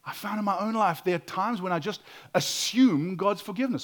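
A man preaching a sermon in an earnest way, acting out quoted voices and dropping to a quiet voice to stress a point. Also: high-pitched, fairly quick. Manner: earnest, acts out quotes, drops to quiet for emphasis.

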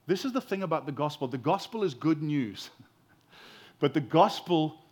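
A man with a South African accent preaching a sermon, earnest and expressive, with emphasis that rises and falls. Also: fairly high pitch.

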